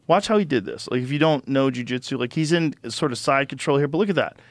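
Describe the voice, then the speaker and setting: Pria pembawa acara podcast yang mengobrol santai dan bersemangat, sering mengumpat saat menjelaskan sesuatu. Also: male voice, mid-range voice, fast, dry recording. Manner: animated, swears freely, explains with enthusiasm. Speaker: podcast host. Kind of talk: casual studio chat. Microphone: studio microphone.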